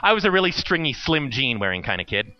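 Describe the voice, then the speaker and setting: A man preaching a sermon, telling a story with acted quotes and dramatic pauses. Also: mid-range voice, sing-song, highs cut off. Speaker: pastor.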